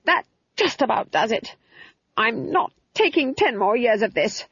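A woman's voice: fairly high pitch, sing-song, slightly rough, no echo, dull audio, pitched above the performer's own voice, exaggerated voice. Woman doing a furious proud old witch. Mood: indignant. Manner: indignant shouting, drawn-out outbursts. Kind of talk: audiobook character voice.

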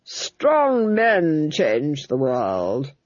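A woman's voice: low-pitched, wildly swooping pitch, a little mellow, no room sound, full character voice. A woman voicing a cruel, imperious duchess with a scornful, commanding manner, in a dull lo-fi recording. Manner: scornful, commanding, drawn-out delivery.

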